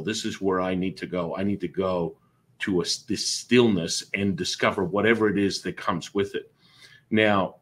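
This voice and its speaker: A man, a Taoist master, telling stories in an interview in a lively way, acting out remembered dialogue. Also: deep voice, breathy edge. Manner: animated, acts out remembered dialogue. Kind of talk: personal storytelling in an interview.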